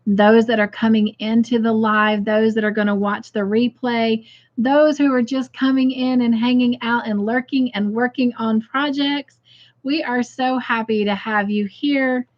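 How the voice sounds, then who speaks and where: A woman's voice: fairly high pitch, steady tone, a little slow, dull audio. A woman hosting a casual craft livestream, chatting and greeting viewers by name as she reads their comments aloud.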